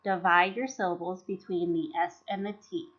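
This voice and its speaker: Speaking at a moderate pace with a steady tone, this lowish-voiced teacher reads a scripted professional development lesson over slides. She carefully sounds out syllables and words, and the recording is dull and lo-fi.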